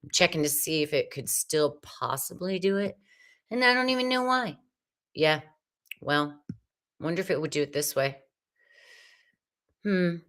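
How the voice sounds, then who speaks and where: A woman's voice: deep voice, expressive, measured pace, long pauses, a bit bright. A woman hosting a live tarot reading stream, chatting casually and effusively with viewers as she pulls cards.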